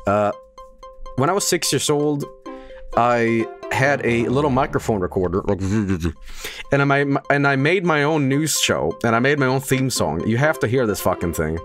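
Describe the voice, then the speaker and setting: A man's voice: mid-range voice, animated, normal speed, a bit bright, soft background music. A man from Sweden streaming a game, joking and riffing in casual commentary.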